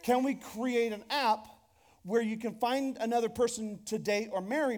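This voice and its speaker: A pastor with a high-pitched man's voice delivers a sermon in front of his congregation. He talks in a loose, conversational way, jokes with the crowd and often restarts his sentences. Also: normal speed, darkish tone. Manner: conversational and joking, with repeated restarts. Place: church hall before a congregation.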